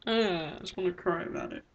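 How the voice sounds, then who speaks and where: A woman's voice: on the low side, moderate pace. A teenage girl recording a casual video diary in her bedroom, rambling with lots of filler words. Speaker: vlogger.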